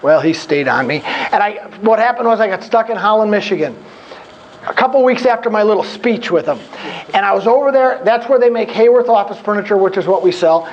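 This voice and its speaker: With slight background noise and dull audio, a fairly quick, high-pitched man in his fifties addresses a career group. As guest speaker at this workshop, he tells funny anecdotes and animatedly re-enacts exchanges from his past.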